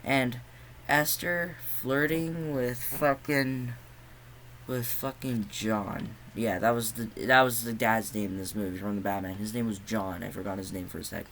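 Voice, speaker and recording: A man's voice: mid-range voice, steady tone, a little slow, fairly bright tone, rough recording. Young male reviewer, casual and profane, mid-range voice, faint background noise. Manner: profane, exasperated ranting; sarcastic. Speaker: movie reviewer.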